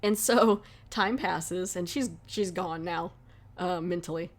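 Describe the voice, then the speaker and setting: A woman's voice: fairly low pitch, slow pace. A woman hosting a podcast, retelling a horror film plot in a casual, rambling way full of 'like'. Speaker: podcast host. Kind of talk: casual film review chat.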